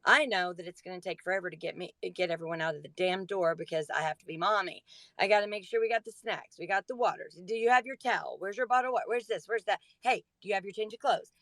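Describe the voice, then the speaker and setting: A woman in her forties co-hosting a podcast, telling a story in a chatty, animated way. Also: medium pitch, quick pace, no room sound. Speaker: podcast co-host. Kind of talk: casual storytelling.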